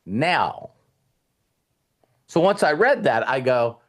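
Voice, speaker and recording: A man's voice: medium pitch, very animated, slow. A middle-aged man, host of a coaching show, telling a personal story in a casual motivational talk and acting out his younger self's words. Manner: storytelling, acts out his younger self in quotes.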